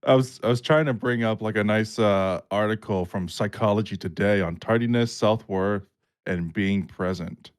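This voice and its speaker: A man's voice: on the low side, moderate pace, smooth. A young man hosting a podcast, joking around and swearing freely in casual chat. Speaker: podcast host.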